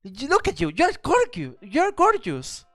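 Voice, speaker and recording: A woman voicing an elegant, vain city lady who is flattering and bossy, reading game dialogue aloud. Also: high voice, a little slow, faint music behind, voice pushed up, full character voice. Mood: gushing. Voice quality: prim, theatrical, gushing.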